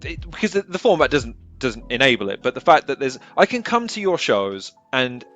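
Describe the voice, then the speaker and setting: A man's voice: mid-range voice, very animated, a little fast, fairly bright tone, soft background music. Opinionated male host, swears freely. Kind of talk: casual interview chat.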